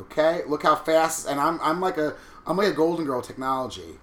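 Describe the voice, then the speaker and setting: A man in his thirties with a Long Island accent trades crude, campy wisecracks in easygoing chat. His voice is bright and forceful, and the room around him rings with echo. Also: fairly high pitch, animated, fairly quick. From Long Island, New York. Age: 30s. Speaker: host signing up for a website. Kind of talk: casual joking chat.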